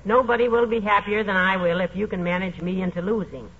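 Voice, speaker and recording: An actress playing a patient, level-headed middle-aged wife with a dry, reproving manner, in a 1940s radio comedy. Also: female voice, mid-range voice, fast, natural voice. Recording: dull old radio recording, faint hiss.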